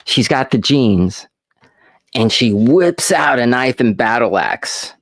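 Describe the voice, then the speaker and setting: A man hosting a casual podcast who tells stories slowly and rambles, swearing freely, recorded close and dry. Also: mid-range voice, lively intonation, no room sound. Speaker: podcast host.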